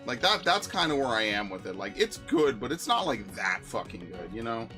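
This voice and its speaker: A man's voice: medium pitch, very animated, moderate pace. A man streaming games, chatting casually and ranting with a lot of swearing. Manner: profane, ranting, exasperated. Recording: music behind voice.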